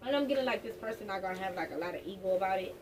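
A woman's voice: medium pitch, expressive, racing. A woman giving a casual tarot reading in a blunt, profane, joking way. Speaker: tarot reader. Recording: distant mic with background noise.

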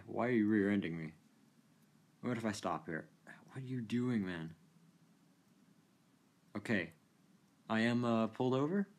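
Guy with a kinda low voice chatting over a racing game, amused and laughing. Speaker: gaming video creator. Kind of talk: casual gameplay commentary.

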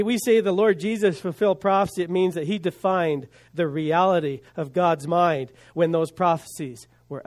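A male pastor preaching a sermon, building emphasis with rhetorical questions and dropping to quiet asides. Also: sits high.

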